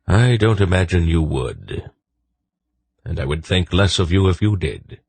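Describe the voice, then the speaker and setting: A man's voice: low-pitched, very animated, measured pace, creaky, slightly rough, no room sound, full character voice. A man voicing an old male wolf pack leader who speaks in a commanding, dry, decisive way in an audiobook.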